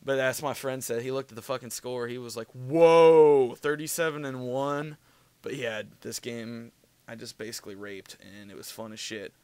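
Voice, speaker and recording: A man's voice: mid-range voice, little pitch movement, brisk, dry recording. A young man giving casual, rambling commentary over gameplay, with lots of fillers and profanity. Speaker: gaming video commentator.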